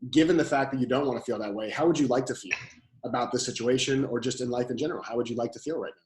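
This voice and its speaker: A man of ordinary pitch who coaches calmly through a podcast interview, going back over his key phrases. His voice carries a noticeable room echo. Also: racing. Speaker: guest coach and author.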